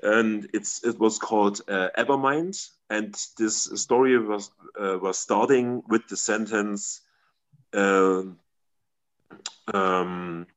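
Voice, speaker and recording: Man, lowish voice, halting, searches for words, interview guest. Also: fairly bright tone. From Germany. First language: German. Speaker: guest, metal band member. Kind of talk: casual interview answers.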